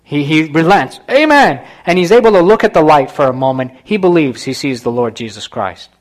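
A man's voice: medium pitch, a little fast. A man preaching a sermon, retelling a story with rhetorical asides to the congregation.

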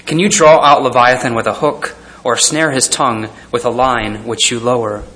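A man delivers a sermon in a bright, forward voice of middling pitch. He reads verses aloud, then breaks into frequent chuckles, with plenty of fillers and restarts as he thinks aloud. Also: normal speed, slight background noise. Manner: animated, chuckling often, reads scripture aloud. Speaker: pastor.

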